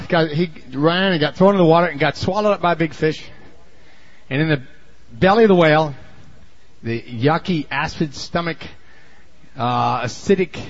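A man delivers a sermon like a folksy storyteller, sinking into low asides before shouting to drive points home. The audio sounds dull.

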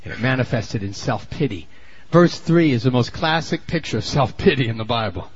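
A man preaching a sermon in a folksy storytelling way, dropping to low asides and then shouting for emphasis. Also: expressive, brisk, breathy edge, lo-fi sound.

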